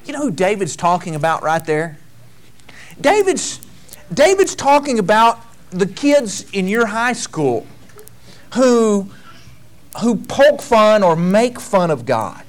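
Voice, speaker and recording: A man preaching a sermon, reading scripture slowly and then telling homey stories with frequent asides. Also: sits high, big pitch swings. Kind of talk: conversational sermon.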